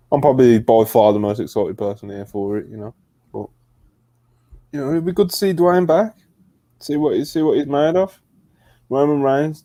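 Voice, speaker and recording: British male podcast host, relaxed and casual, dry close sound from a remote call. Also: medium pitch, no echo. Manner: laid-back, peppers talk with "bro" and "man". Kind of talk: casual chat. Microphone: remote streaming call.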